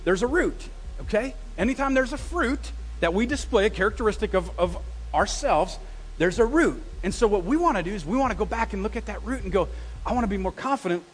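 A man preaching a sermon as pastor, telling stories with lively, self-deprecating humor. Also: high-pitched, fairly quick, slightly rough. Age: adult with a wife, past graduate study. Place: church sanctuary. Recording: long reverb of a church hall.

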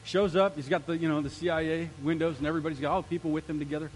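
A male pastor preaching an energetic sermon, throwing questions out to the congregation. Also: fairly high pitch, very fast, rough recording.

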